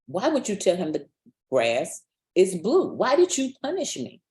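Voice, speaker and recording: A woman's voice: mid-range voice, huge pitch swings, a little slow, a little mellow, voice pushed up. A woman voicing a wronged, patient male tiger in a fable she retells, asking puzzled questions.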